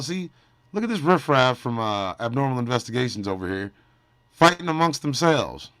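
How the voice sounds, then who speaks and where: A man's voice: medium pitch, sing-song, normal speed, fairly bright tone, no echo. A man hosting a casual livestream, joking and teasing his chat, often trailing off into mumbles. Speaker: livestream host.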